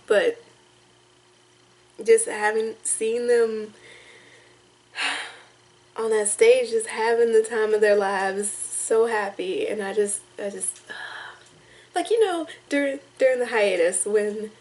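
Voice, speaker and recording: A young woman vlogging to camera, emotional and tearful, talking in halting, rambling sentences full of restarts. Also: fairly high pitch, darkish tone, rough recording. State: tearful, crying on and off. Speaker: vlogger reacting to music. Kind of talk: casual emotional talk to camera.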